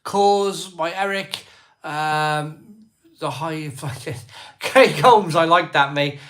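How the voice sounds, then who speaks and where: A man hosting a casual live stream, rattling off viewers' places and beers in quick lists as he reads their comments. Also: on the high side, fairly bright tone.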